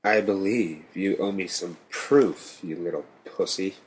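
A man's voice: low-pitched, a little slow, slight background noise. A man voicing a psychopathic teenage boy in a spoken horror story, mocking and menacing. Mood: cold. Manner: maniacal laughter, cold menace.

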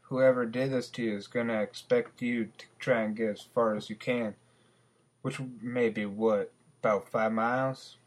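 A man's voice: medium pitch, fairly even intonation, lightly acted. A man voicing a cocky, foul-mouthed male friend who chain-smokes, talking in brash, profane bursts. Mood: calm, reasoning. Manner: brash and profane, with quick outbursts.

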